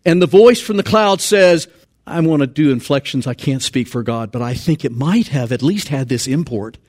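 A man preaching a sermon in an animated, conversational way. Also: medium pitch, normal speed.

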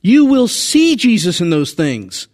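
A man preaching a sermon in an animated, conversational way. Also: sits high, a little slow.

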